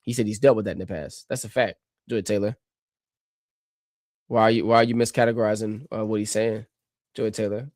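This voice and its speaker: A man's voice: lowish voice, steady tone, a little fast, pauses often, darkish tone, dry recording. Male streamer, combative reaction rant, mocking, dry and close. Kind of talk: ranting reaction commentary.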